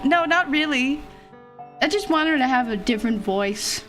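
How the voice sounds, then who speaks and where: High-voiced giggly young woman streamer. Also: lively intonation, normal speed, a bit bright, soft background music. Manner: giggly, rambling, laughs often. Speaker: vtuber streamer. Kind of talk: casual chat.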